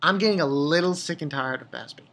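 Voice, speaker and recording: A woman giving a profane, ranting, animated manga review in a casual video. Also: sits low, fast talker.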